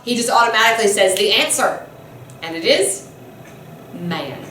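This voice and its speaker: A woman teacher telling a myth in a chatty, animated way, with a slightly high voice. She sounds like she's in a very echoey classroom, picked up from a distance, with faint room noise behind her. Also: moderate pace, pauses often. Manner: animated, chatty, laughs often. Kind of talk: classroom storytelling lesson. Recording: echoey room, mic far off.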